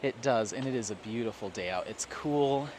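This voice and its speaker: A man's voice: mid-range voice, normal speed. A man from Colorado chatting casually while walking his dog, rambling and laughing often. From Colorado, USA. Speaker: craft vlogger. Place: outdoors on an evening walk near water. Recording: clear outdoor street noise. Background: traffic and town ambience.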